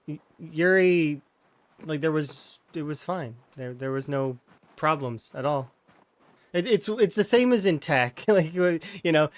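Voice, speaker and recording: A man's voice: fairly high pitch, dry recording. A man giving casual, rambling commentary while playing a game, often restarting his words and brushing off complaints. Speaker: streamer.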